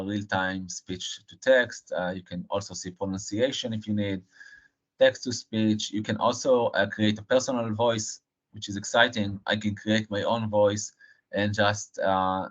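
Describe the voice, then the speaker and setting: A man presenting a live technical software demo, halting and filling pauses with frequent uh and um. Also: on the low side. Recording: dull lo-fi stream audio.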